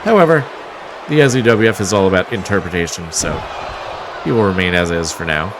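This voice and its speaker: A man's voice: low-pitched, a little fast, background noise. A man calling a wrestling match play by play, with a wry, mocking manner and the odd chuckle. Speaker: wrestling commentator. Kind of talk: play-by-play commentary.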